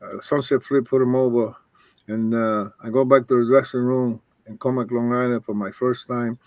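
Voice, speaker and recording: A man's voice: mid-range voice, fairly even intonation, normal speed, darkish tone, no room sound. An older man and retired wrestler telling rambling stories as a guest, acting out the voices of people he quotes. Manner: rambling, acts out quoted dialogue. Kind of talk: casual storytelling.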